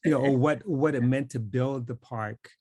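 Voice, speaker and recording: A man's voice: medium pitch, moderate pace, darkish tone, slightly rough, no room sound, studio quality. A man interviewing an author, chatty and rambling, with many fillers and restarts. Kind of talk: conversational interview.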